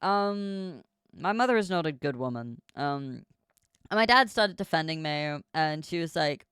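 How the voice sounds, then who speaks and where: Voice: mid-range voice, animated, a little slow, a bit bright, clean tone, dry recording, studio quality. A young adult streamer casually telling a long story, rambling with lots of fillers and swearing. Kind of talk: casual chat.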